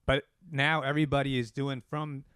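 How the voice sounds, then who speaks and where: A man co-hosts a casual podcast chat and talks in an animated, opinionated way, swearing now and then. His voice sits at an ordinary middle pitch. The recording is dry and close, with no room in it. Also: normal speed, smooth, dry recording. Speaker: podcast co-host.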